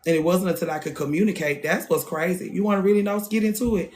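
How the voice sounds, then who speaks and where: A woman's voice: fairly low pitch, fast talker, a little mellow. A woman in her thirties, a hairstylist hosting a show, talking in a blunt, profane, casual monologue and repeating phrases for emphasis. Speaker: hairstylist and podcast host.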